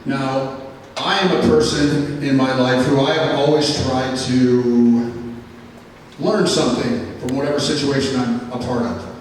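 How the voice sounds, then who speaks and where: A man giving a personal testimony at a school chapel, telling his story in an earnest, plainspoken way with many pauses. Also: mid-range voice, steady tone, a little hiss or hum. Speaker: school staff member giving a chapel talk. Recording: echoey hall from far off.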